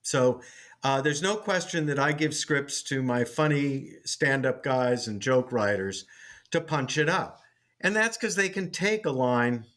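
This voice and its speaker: A man's voice: medium pitch, expressive, a little slow, fairly bright tone. A man, a sitcom writer and teacher, telling a story in an interview, with frequent restarts.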